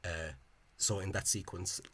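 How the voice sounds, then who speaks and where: Low, husky man explaining. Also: fairly even intonation, unhurried, fairly bright tone. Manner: digressive, thinking aloud, scholarly. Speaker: Irish-language spelling enthusiast. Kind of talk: informal explanatory video talk.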